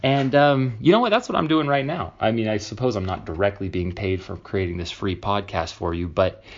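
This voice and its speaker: A man's voice: lowish voice, a little fast, dull audio. A man hosting a casual solo podcast, talking candidly and emphatically in a rambling, confessional way. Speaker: podcast host.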